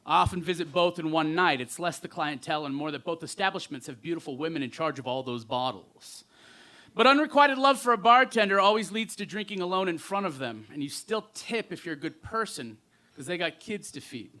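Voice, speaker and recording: Bright-voiced man performing spoken word poetry. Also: a little high. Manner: rhythmic poetic delivery with pointed pauses. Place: festival stage.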